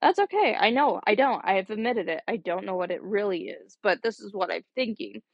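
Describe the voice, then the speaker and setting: A woman's voice: medium pitch, lively intonation, brisk, gravelly, breathy edge, no echo, dull audio. Rambling young woman podcasting. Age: young adult. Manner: rambling, chatty, heavy use of "like". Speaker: podcast host. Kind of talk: casual solo podcast monologue.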